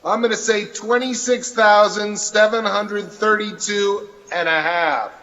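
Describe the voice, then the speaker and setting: A man's voice: high-pitched, steady tone, a little slow, sharp tone, dull audio. A man, a voice actor, answering audience questions on a convention panel in a joking, playful way. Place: large convention hall stage. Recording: convention hall reverb.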